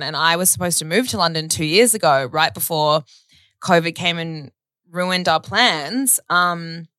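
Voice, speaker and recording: Chatty low-voiced woman. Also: fairly bright tone, no room sound. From Australia. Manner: chatty, giggly storytelling. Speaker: podcast co-host. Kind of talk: casual chat.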